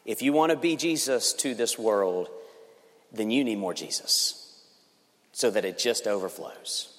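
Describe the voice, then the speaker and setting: A man preaching a sermon as pastor, emphatic and swinging between loud passages and hushed ones. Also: lowish voice, a little slow, long reverb tail.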